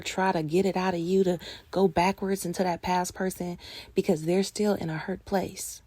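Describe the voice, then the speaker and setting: Woman host, low gravelly voice, earnest and passionate, shifts between firm and hushed. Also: no room sound. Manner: earnest, passionate, slows to a hush at times. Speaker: host of a personal growth talk. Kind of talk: reflective monologue on healing.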